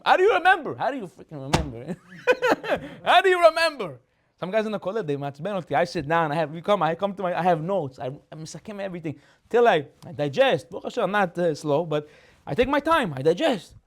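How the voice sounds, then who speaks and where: Guy preaching fast, laughs a lot, pretty high voice. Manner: animated, laughs often, mixes Hebrew terms. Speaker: rabbi giving a Torah class. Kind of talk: lively sermon on the weekly portion.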